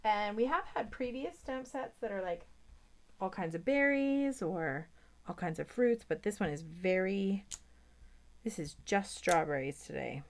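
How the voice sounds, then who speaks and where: Gravelly-voiced woman chatting through a craft demo. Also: mid-range voice, lively intonation, unhurried. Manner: chatty, thinks aloud while working, drops to a near whisper. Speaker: papercraft demonstrator. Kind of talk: chatty hands-on craft tutorial.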